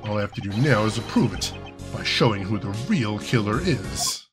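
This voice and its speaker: A man's voice: lowish voice, lively intonation, moderate pace, over music, pitched below the performer's own voice, close to an everyday voice. A man reading as a haughty young woman prosecutor. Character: proud young female prosecutor, scornful.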